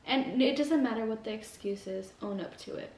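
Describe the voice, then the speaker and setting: Eating on camera, a young female vlogger rambles through a casual, earnest motivational chat packed with "like". Her voice is slightly high, gravelly and a bit mellow at a moderate pace, picked up by a distant mic in an echoey room with slight background noise.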